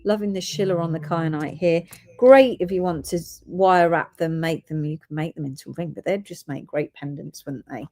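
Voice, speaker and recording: A woman's voice: sits low, normal speed, a little mellow. Chatty woman hosting a sale. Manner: chatty, reads out orders and codes. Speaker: live sale host. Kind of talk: live shopping sale.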